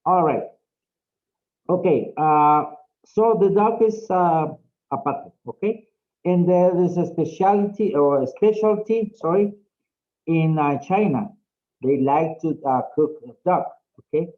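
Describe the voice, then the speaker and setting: A man's voice: on the high side, slow pace, dull audio. A man teaching an English class over a video call, patient and encouraging. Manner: patient, encouraging, repeats okay often.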